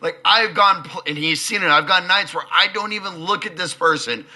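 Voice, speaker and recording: An excitable man swearing and laughing while telling stories as a podcast guest. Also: high-pitched, fairly quick. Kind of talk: casual storytelling.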